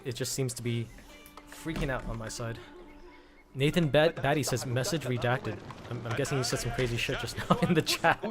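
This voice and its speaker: A man giving casual live commentary on a strategy game tournament, rambling and restarting words as he goes. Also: mid-range voice. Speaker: caster. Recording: music playing behind.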